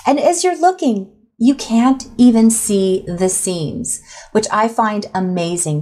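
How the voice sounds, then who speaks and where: A woman's voice: medium pitch, darkish tone. Middle-aged woman, DIY vlog host, friendly and chatty, mid-range voice. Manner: chatty and upbeat, speaks directly to viewers. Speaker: DIY home crafts vlogger. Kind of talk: friendly tutorial voice-over.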